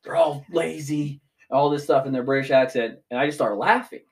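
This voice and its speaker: A man's voice: mid-range voice, quick pace. Ranting young man, casual podcast. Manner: ranting, swears freely. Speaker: podcast co-host. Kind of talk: casual chat.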